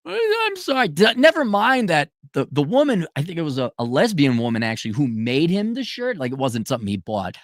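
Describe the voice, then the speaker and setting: A man's voice: a little high, a bit bright, no room sound, studio quality. A man delivering a profane, sarcastic ranting monologue, breaking into mocking voices. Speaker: commentator.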